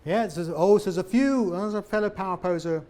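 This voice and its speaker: A man, a former comedian, leading a lively interactive workshop on presenting and asking the audience questions. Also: high-pitched, brisk. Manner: animated, jokey, questions the audience. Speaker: presentation trainer. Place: meeting room with an audience.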